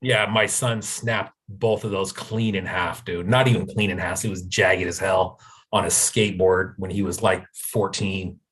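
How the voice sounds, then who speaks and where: A man's voice: low-pitched, fairly even intonation, measured pace, fairly bright tone, slightly rough. A middle-aged man from the United States hosting a podcast in a laid-back, casual way, often saying dude and man. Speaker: podcast host. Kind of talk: casual chat.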